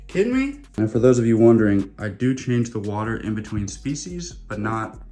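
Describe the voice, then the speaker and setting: A man's voice: fairly low pitch, fairly even intonation, moderate pace, mellow, soft background music. A man, chatting casually and jokingly as he tends his snakes. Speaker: reptile keeper and vlogger. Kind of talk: casual vlog.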